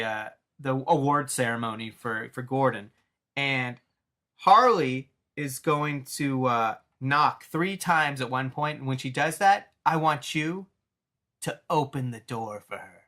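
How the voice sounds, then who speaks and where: Man putting on a male cartoon clown villain, sinister, mocking, quiet threats, sudden high whine, bright voice. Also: animated, slow. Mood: taunting. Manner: shifts between quiet menace and mock-friendly high whine. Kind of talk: retelling a cartoon scene with put-on voices.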